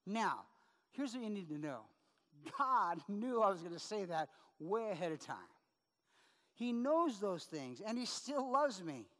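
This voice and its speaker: A middle-aged male pastor preaches in a high-pitched, fairly bright, very animated voice at a measured pace. His sermon is chatty, full of "right?" check-ins and funny stories from his own life, and a long hall reverb surrounds his voice.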